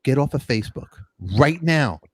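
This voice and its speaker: A man hosting a live online talk show, joking loudly and giving quick shout-outs to viewers in the chat. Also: fairly high pitch, a little hiss or hum. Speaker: podcast host. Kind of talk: lively live-stream chat.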